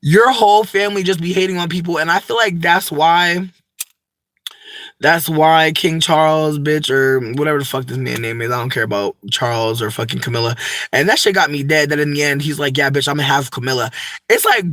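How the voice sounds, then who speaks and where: A man's voice: a little high, fairly even intonation, moderate pace, fairly bright tone, no room sound. A young man, rambling in a profane, campy, unscripted vlog monologue full of asides. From United States. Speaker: vlogger.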